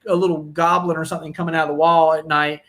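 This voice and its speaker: A man's voice: fairly high pitch, level tone, fast, a bit bright. Rambling man on a podcast. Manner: rambling, with lots of restarts and digressions. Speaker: podcast co-host. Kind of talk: casual chat.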